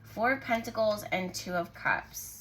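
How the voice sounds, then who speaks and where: A woman hosting her own channel, giving a casual tarot reading to camera in a soft, musing way, often pausing to say what she senses. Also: mid-range voice, expressive, slight background noise. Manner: musing, intuitive, lots of "like" and "I just heard". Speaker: tarot reader and channel host.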